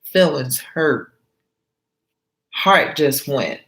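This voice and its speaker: A woman doing motivational storytelling in an animated way, with chatty asides to her viewers. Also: deep voice, very slow, vocal fry.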